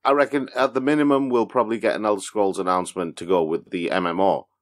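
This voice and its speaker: A man's voice: lowish voice, steady tone, quick pace. A man co-hosting a casual podcast, playful and mock-dramatic. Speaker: podcast producer and co-host. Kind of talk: casual chat.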